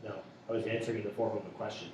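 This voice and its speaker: A man co-hosting a casual radio show, tossing in dry, deadpan wisecracks. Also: lowish voice, racing. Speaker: co-host. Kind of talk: casual banter. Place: pub. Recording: echoey pub room from far off. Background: faint room noise.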